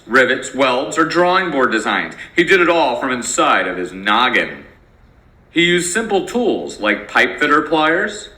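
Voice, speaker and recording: A man teaching in a playful storytelling manner, his pitch rising and falling a lot. His voice is very bright and sharp, and it echoes around a room. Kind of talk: educational narration.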